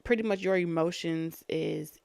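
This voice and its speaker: A woman with a lowish, gravelly voice hosts a live-stream tarot reading. She talks to her viewers in a casual, chatty way, and her heavy breathing carries into the mic. The sound is dry and close. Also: unhurried, darkish tone, no room sound. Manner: casual and chatty, talking to viewers between card pulls. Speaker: tarot reader.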